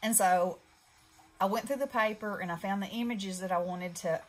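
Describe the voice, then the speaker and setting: In a low-quality recording, a middle-aged craft channel host shows and tells her handmade creations in a casual, rambling way full of fillers. She speaks with a medium pitch at a moderate pace.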